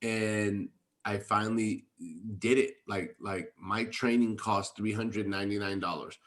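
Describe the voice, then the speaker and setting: A man with a somewhat low voice talks on a video call as a team leader. He speaks with excitement and emphasis and tells stories to fire up his team. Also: a little slow. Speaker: network marketing team leader. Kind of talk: enthusiastic motivational talk on a video call.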